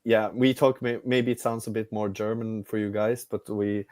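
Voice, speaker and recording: A man's voice: lowish voice, level tone, moderate pace, darkish tone, no room sound. A man with a Norwegian accent, a native Norwegian speaker chatting casually as a guest on a fan show, laughing and restarting his words. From Norway. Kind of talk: casual chat.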